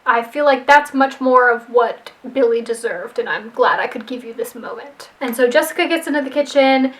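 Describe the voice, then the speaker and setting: A chatty woman with a high voice walks through a movie plot she rewrote, tossing in wry, playful asides. She talks casually, like she is telling a friend about it. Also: normal speed, a bit bright, rough recording. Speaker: screenwriter rewriting a movie plot. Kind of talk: casual storytelling recap.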